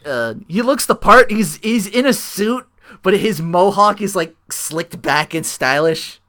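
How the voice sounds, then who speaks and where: A man's voice: high voice, expressive, unhurried, bright, forceful tone. A man co-hosting a casual podcast, recapping a wrestling show and laughing often. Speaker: podcast co-host.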